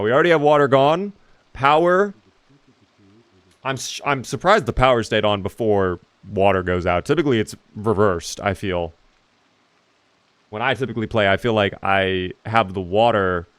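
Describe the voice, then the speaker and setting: Chatty man streaming a game. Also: lowish voice. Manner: chatty, reads and answers chat, swears casually. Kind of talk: casual live-stream chat while gaming.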